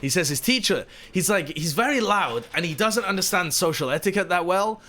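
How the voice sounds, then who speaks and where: Animated man telling a story. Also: high voice, a little fast. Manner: animated, laughing, rambling. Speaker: streamer. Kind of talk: casual storytelling on a live stream.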